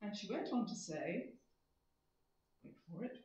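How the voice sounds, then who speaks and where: A woman speaking to a church congregation with animated, dramatic emphasis, acting out the quotes she gives. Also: lowish voice, unhurried. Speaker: guest speaker. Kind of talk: church talk. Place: church hall. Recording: distant roomy church hall, slightly dull.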